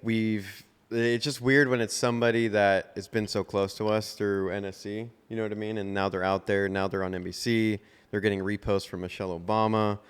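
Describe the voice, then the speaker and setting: Smooth low-voiced man with hall echo. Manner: rambling, filler-heavy storytelling. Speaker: podcast co-host. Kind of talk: casual chat. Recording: long hall reverb.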